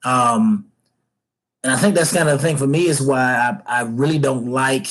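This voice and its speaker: A middle-aged man hosting his own fatherhood channel, giving a casual solo rant full of pauses, fillers and restarts. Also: medium pitch, a bit bright, poor audio. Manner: hesitant, many fillers and restarts.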